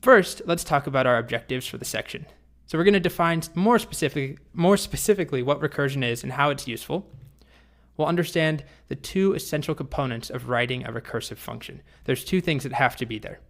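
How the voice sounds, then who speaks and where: A male programming instructor with a mid-pitched voice. He talks in a relaxed, chatty way and restarts his phrases now and then. His delivery suits a storytelling lesson. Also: a little fast.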